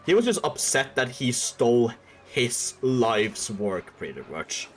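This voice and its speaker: Animated, rambling male streamer. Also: mid-range voice, slow pace. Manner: rambling, irreverent, laughs, swears. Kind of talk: casual lore retelling.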